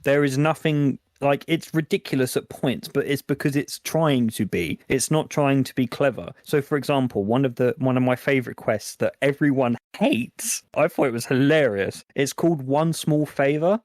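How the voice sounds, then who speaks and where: A young man, chatting casually as a podcast co-host and telling animated stories. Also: mid-range voice, moderate pace, hardly any pauses, dry recording, clean studio sound. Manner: animated storyteller, acts out game characters. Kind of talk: casual chat.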